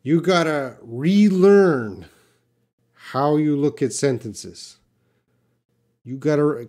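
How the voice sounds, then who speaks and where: A Canadian man hosts a live English Q&A, working through viewers' comments one by one. He talks to them directly and bluntly. His voice sits at an ordinary, mid-range pitch for a man. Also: dark tone. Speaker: English teacher. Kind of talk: live-stream Q&A lesson.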